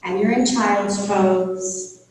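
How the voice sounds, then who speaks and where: A woman teaching a gentle yoga class, giving slow, calm, soothing cues over a live video call. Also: mid-range voice, slight background noise. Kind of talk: guided yoga class instruction. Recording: roomy echo from far off the mic.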